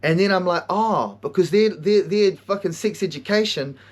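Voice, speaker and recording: A man hosting a podcast, telling stories in an animated way, swearing a lot and often laughing. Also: sits high, moderate pace. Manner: animated storytelling, heavy swearing, frequent laughter. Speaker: podcast host and counselor. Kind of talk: casual monologue.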